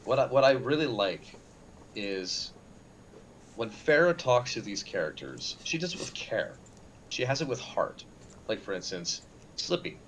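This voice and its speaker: Lively laughing man co-hosting a stream. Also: medium pitch, unhurried, long pauses, a little hiss or hum. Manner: animated, laughs a lot, acts out quotes. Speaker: stream co-host. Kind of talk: casual live-stream chat.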